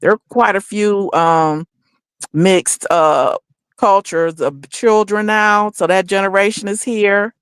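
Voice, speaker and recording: A woman from Detroit in casual kitchen-table chat, telling relaxed, chatty stories. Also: mid-range voice, slow pace, clear, resonant tone, no echo. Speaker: co-host.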